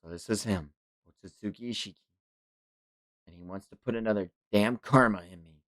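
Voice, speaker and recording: A man doing a quiet, brooding young fighter. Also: a little fast, no echo, close to an everyday voice. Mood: grim. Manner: low, subdued, muttering.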